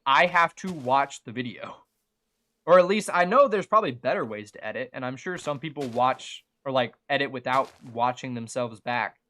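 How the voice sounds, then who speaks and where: Young male streamer, light Southern accent, bright tone, chatty and rambling. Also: medium pitch. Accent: mild Southern American. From Southern United States. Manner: rambling, chatty, many fillers and restarts. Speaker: gaming livestreamer. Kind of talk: casual livestream chat while playing.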